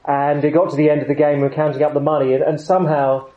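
Chatty middle-aged preacher, somewhat high voice. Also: male voice, flat delivery, fast, narrow, tinny audio. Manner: conversational, rambling with many fillers. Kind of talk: sermon.

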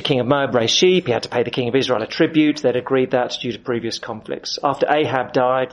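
A man preaching through a Bible passage, with quick asides and acted-out voices. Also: medium pitch. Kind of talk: expository sermon with Bible reading. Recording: dull lo-fi sound.

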